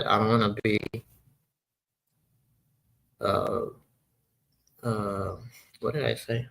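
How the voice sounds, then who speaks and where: A man's voice: lowish voice, creaky, a bit bright, rough recording. A man in his sixties hosting a casual live chat, rambling and often losing his train of thought. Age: 60s. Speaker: livestream host.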